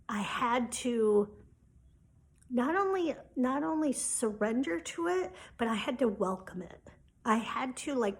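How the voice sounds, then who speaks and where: A woman casually recounting a personal story, chatty and loose, acting out quoted exchanges and often saying "like". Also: fairly high pitch. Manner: casual, chatty retelling with quoted dialogue and frequent "like". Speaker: spiritual coach.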